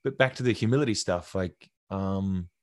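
A man's voice: sits low, normal speed, no room sound, clean studio sound. A young man, an actor being interviewed, telling stories casually and acting out what others said. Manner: animated, acts out quotes from others. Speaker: actor guest.

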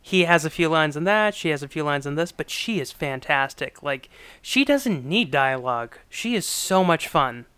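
A man's voice: a little high, lively intonation, moderate pace, pushed and bright, clean tone, no echo. A man co-hosting a casual film podcast, enthusiastic and laughing as he talks. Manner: enthusiastic, laughs while talking. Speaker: podcast co-host.

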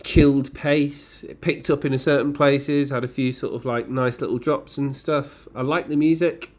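A man's voice: medium pitch, steady tone, normal speed, darkish tone. Rambling man, casual podcast chat. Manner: rambling, many fillers and restarts. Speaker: podcast co-host.

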